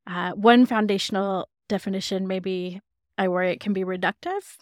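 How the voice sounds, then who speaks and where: A woman theologian as a podcast guest, explaining ideas in a careful, measured way. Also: mid-range voice, fairly even intonation, no echo, clean studio sound. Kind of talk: interview answers.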